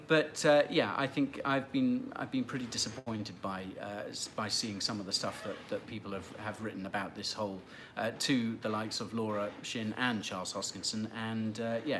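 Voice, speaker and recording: A man with a medium-pitched, slightly bright voice hosts a laid-back livestream, and a little hiss or hum sits under the audio. He fields viewer questions in a meandering, chatty style full of fillers and restarts, teasing his regulars a bit.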